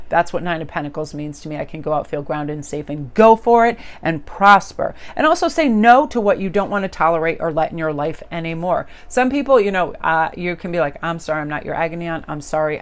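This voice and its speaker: A woman with a lowish voice reads tarot cards for her audience in a loose, casual way. Her talk is upbeat and chatty, full of fillers, and it jumps high in pitch whenever she stresses a point. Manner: animated, with big jumps up in pitch for emphasis. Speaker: tarot reader. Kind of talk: casual tarot reading video. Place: indoors near a window.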